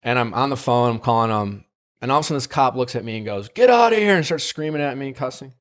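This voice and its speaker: A man's voice: medium pitch, quick pace, fairly bright tone, clean tone. Rambling male podcast host telling a story. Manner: rambling, many fillers and tag questions. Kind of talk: casual storytelling.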